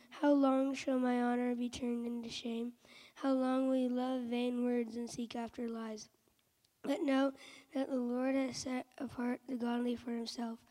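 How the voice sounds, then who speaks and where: A woman reading a psalm aloud in a church service, measured and solemn. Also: high voice, mellow, poor audio. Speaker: scripture reader.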